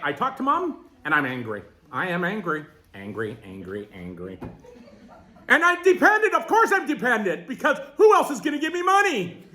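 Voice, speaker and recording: A man teaching a group workshop in plain, conversational words, often checking in with his listeners. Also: sits high. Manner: animated, keeps checking in with listeners. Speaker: twelve-step workshop leader.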